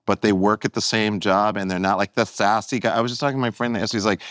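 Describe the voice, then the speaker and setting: A male guest comedian talking in casual conversation, rambling and animated with many restarts. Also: fairly low pitch, fast, few pauses, no echo, clean studio sound.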